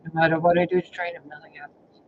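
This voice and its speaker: A man's voice: fairly high pitch, little pitch movement, fast talker. A man telling rambling personal stories in a casual vlog, exasperated and heavy on profanity. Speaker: spiritual reader recounting personal life. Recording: dull lo-fi audio with faint hiss.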